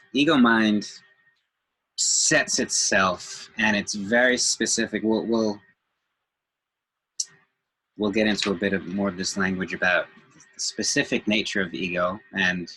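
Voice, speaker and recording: Low husky man musing thoughtfully. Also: sharp tone, rough recording. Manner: thoughtful, hesitant, with many fillers and restarts. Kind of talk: reflective group discussion.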